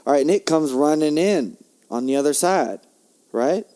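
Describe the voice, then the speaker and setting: A man's voice: a little high, lively intonation, a little slow. Heated, foul-mouthed young man ranting. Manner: heated, profane, swings between shouting and muttering. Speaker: podcast host. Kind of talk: ranting podcast monologue.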